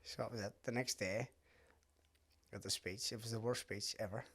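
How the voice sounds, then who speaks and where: A man's voice: on the low side, normal speed, husky. A man hosting a podcast, telling stories in a casual chat and laughing through them. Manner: animated storyteller, laughs through his stories. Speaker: podcast host.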